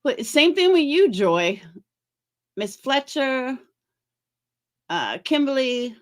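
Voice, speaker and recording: A woman's voice: high-pitched, big pitch swings, slow pace. A middle-aged woman hosting a casual livestream, chatting with viewers by name and making sarcastic asides. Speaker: livestream commentary host.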